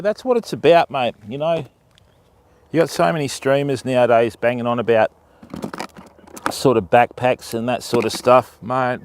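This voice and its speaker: An Australian man at a mid pitch talks casually into a phone on a riverbank outdoors. He is matey and easygoing and greets viewers one by one. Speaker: fishing livestreamer. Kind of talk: casual livestream chat.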